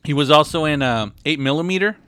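A man's voice: fairly high pitch, fast, a bit bright, smooth, dry recording. A man co-hosting a casual movie podcast, rambling with many fillers. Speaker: podcast co-host.

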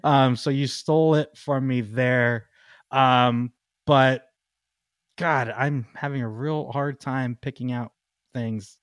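A man co-hosting a podcast in casual chat, excitable, laughing often and trailing off with ums. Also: mid-range voice, slow, no room sound, studio quality. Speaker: podcast co-host.

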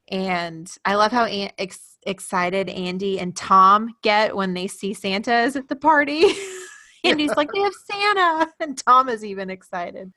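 Woman, podcast co-host, bright tone, chatty, giggly, dry close mic. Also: medium pitch, no room sound. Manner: chatty, giggles while retelling scenes. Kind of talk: casual podcast chat.

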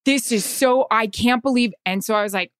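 A woman's voice: on the high side, normal speed, fairly bright tone, smooth, no room sound, studio quality. A woman, a sideline reporter, telling an anxious story in casual chat.

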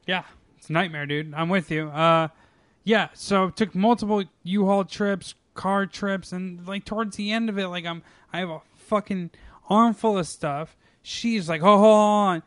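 High-pitched guy ranting and swearing, casual podcast chat, dead dry sound. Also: steady tone, a little slow, a bit bright, no room sound. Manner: profane, exasperated ranting.

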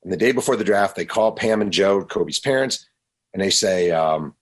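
A man, an author guest on a radio show, telling stories in an animated way and often acting out quotes. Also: deep voice. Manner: animated, quick to act out quotes. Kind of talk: storytelling in a radio interview.

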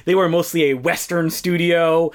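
A young adult man co-hosting a casual film podcast, telling a story with animated acted-out quotes. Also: fairly high pitch, moderate pace. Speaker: podcast co-host.

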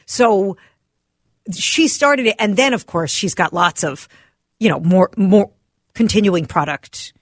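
A woman co-hosts a radio show from the studio, chatty and quick to read answers aloud from her phone. Her voice is mid-pitched and sits close and dry on the mic, with no room sound. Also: animated, no echo. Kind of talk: casual studio banter.

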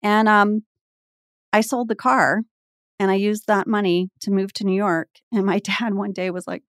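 A woman's voice: fairly high pitch, no echo, clean studio sound. A woman in her forties from Texas, guesting on a podcast and telling a story in casual chat, acting out the voices she quotes. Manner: animated, acts out quoted voices.

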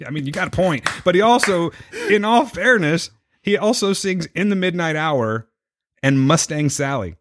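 A man's voice: a little high, expressive, a little slow, fairly bright tone. A man co-hosting a podcast in casual, joking chat, swearing freely. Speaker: podcast co-host.

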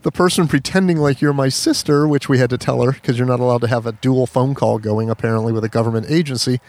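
A man hosting a casual podcast, telling stories in an animated way and acting out the people in them. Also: medium pitch, quick pace. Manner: animated storyteller, acts out quoted people. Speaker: podcast host. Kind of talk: casual storytelling chat.

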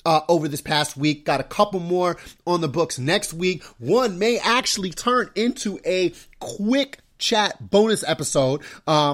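A young man hosts his own podcast, talking casually about being a father. He tells his stories in an animated way, with his pitch swinging widely, and he sometimes jumps into a high voice to mimic his family. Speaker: podcast host. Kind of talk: casual solo podcast talk.

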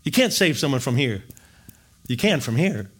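A middle-aged man from Wisconsin telling his faith story in an animated, jokey storytelling manner. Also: medium pitch, moderate pace, slightly rough. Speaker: speaker sharing testimony. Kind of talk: storytelling testimony talk.

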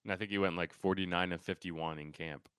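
A man co-hosting a casual sports podcast, talking fast and joking with a sarcastic streak. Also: low voice, steady tone, fairly bright tone, clear, resonant tone, dry recording. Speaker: podcast co-host.

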